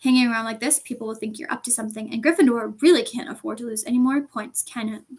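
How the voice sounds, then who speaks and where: A woman reading the part of a sly, threatening male teacher in a smooth, silky way. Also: fairly high pitch, fairly even intonation, fast, a little mellow. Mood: menacing. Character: sly menacing male schoolmaster.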